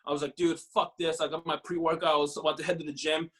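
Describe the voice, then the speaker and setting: Profane, animated young man telling stories. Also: fairly high pitch, rapid-fire. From Canada. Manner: profane, animated, heavy on filler phrases. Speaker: podcast guest, former pro baseball player. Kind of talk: casual interview storytelling.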